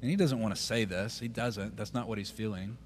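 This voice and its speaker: A man, preaching a sermon as the pastor. He tells a story, drops almost to a whisper at tender moments, and grows forceful when he urges the congregation. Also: lowish voice, a little fast, soft background music.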